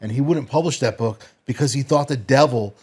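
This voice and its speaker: A man's voice: mid-range voice, fairly quick, a little mellow, breathy edge. A man hosting a podcast, speaking casually and enthusiastically to his guest. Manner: enthusiastic, bro-ish, affirming. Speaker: podcast host.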